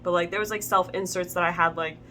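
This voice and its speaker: Young woman, fanfic reading, bright tone, deadpan, wry asides, stumbles on words. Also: lowish voice, fast talker, a little hiss or hum. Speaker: host. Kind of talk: reading fanfic aloud with commentary.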